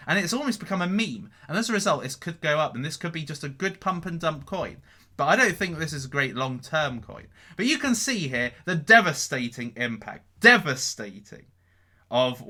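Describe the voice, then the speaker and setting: A man giving casual market commentary to camera as a vlogger, animated and emphatic, often checking in with "okay?". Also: on the high side. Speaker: crypto vlogger. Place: indoors in front of a green screen.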